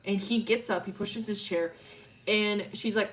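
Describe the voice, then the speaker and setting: A woman's voice: mid-range voice, steady tone, a little slow, a bit bright, soft background music. A woman streamer casually retelling a story, rambling and swearing, with lots of fillers and slang.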